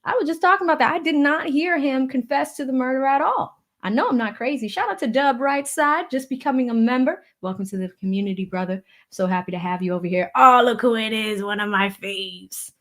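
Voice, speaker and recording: Brief: woman streamer from the Boston area, casual and gushing, rattles off shout-outs and thank-yous. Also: high-pitched, quick pace, hardly any pauses. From Boston area, USA. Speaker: livestream host of a legal commentary channel. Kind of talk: casual livestream chat, reading viewer donations.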